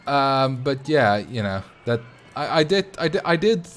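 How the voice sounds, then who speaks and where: A man with a light Dutch accent talks to his viewers in a relaxed livestream chat. He speaks in an animated, chatty way at a mid-range pitch, filling his pauses with "um" and "you know.". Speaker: streamer.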